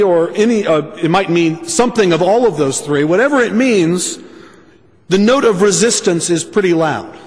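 A man preaching a sermon, speaking deliberately and restating his points for emphasis. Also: high voice, in a large hall.

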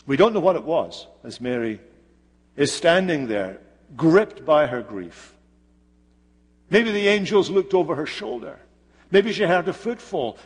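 A man preaching a sermon, retelling a scripture story slowly and dramatically with pauses. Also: on the high side, slightly rough, long reverb tail.

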